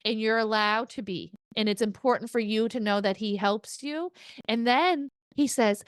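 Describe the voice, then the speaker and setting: A woman's voice: moderate pace, smooth, dry recording. A woman medium giving a casual spirit reading, chatty and laughing often, swearing now and then. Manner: chatty, laughing often, relays quotes in an excited higher voice.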